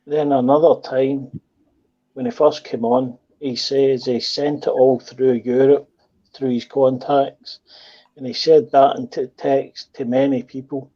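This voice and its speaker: A man's voice: mid-range voice, little pitch movement, a little slow, mellow, dull audio. A man on a live stream, talking bluntly and throwing insults. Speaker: caller. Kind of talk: heated live-stream argument.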